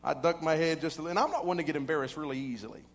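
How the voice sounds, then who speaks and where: A man preaching a storytelling sermon as pastor. He tells the story with lots of "uh" fillers and builds up to shouting. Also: a little high, racing, big-room sound. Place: church sanctuary.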